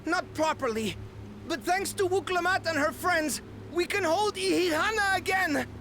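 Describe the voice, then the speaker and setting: A woman's voice: very high-pitched, normal speed, a bit bright, a little hiss or hum. A woman voicing an earnest, devoted young festival leader in a video game. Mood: fervent. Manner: earnest, fervent. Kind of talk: video game cutscene voice acting.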